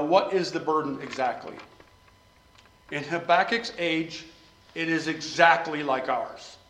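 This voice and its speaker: Male preacher, high-pitched, fervent sermon delivery in a reverberant space. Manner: impassioned, swings between loud pleading and quiet asides.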